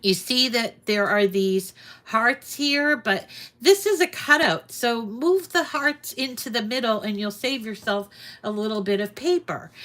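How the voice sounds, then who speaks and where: A woman with a fairly high, fairly bright voice hosts a casual crafting tutorial at home over screen share. She's slightly out of breath and chatty, meandering along with plenty of ums and restarts.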